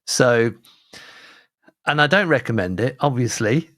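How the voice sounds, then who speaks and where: Teasing Leicester-accented male co-host, lively delivery, dry close recording. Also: medium pitch, unhurried, dry recording. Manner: playful, teasing, stammering restarts. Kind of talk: comedic banter.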